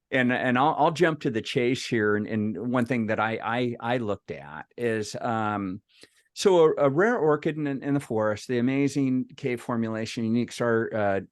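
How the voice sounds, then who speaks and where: A man's voice: medium pitch, no echo, studio quality. A man presenting at an online meeting. He tells anecdotes with frequent restarts and asks the group questions. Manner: storytelling with many restarts. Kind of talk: casual workshop talk.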